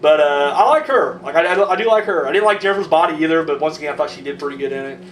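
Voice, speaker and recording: Racing along in an animated voice on the high side, a man hosts a horror news vlog packed with rants, profanity, and rambling chatter. Faint noise comes through a distant mic in a roomy recording.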